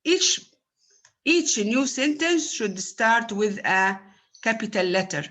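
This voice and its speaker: A woman university lecturer, explaining a lesson slowly and patiently with many fillers. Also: on the high side, big pitch swings, fairly bright tone. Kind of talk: recorded online lecture.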